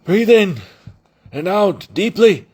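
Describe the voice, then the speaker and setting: A man voicing a weary male bridge runner who gives quiet advice in a hollow, muffled voice. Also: fairly high pitch, animated, slow pace, slightly rough, pitched above the performer's own voice, heavily acted. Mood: advising.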